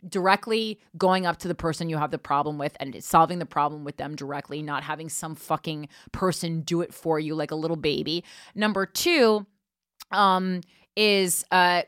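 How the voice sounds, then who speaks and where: This podcast host, a woman with a low, fairly bright voice, alternates between reading a news article and breaking in with blunt, profane comments. She's close-miked and the sound is echo-free.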